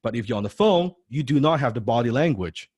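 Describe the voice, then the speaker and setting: A man's voice: medium pitch, lively intonation, brisk, a little mellow, breathy edge, no echo. Emphatic male sales coach, dry sound. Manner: emphatic, repeats key phrases, acts out phone calls. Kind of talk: live sales training class.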